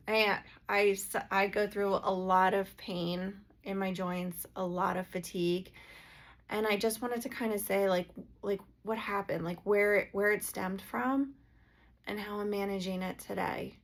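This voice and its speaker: A woman's voice: medium pitch, steady tone, measured pace. A woman and energy healer talking earnestly in a casual, heartfelt vlog, with plenty of filler "like"s.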